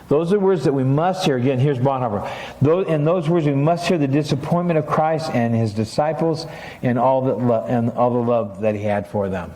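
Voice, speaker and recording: A man's voice: medium pitch, normal speed, dark tone, echoey room. A middle-aged man, a pastor, preaching a sermon in a church sanctuary, talking casually and then rising into emphatic passages.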